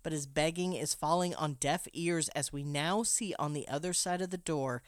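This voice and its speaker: A woman's voice: low-pitched, no room sound, studio quality. A woman co-hosting a podcast, retelling a film scene by scene in a casual, wry and dramatic way. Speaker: podcast co-host recapping a film. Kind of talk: casual recap narration.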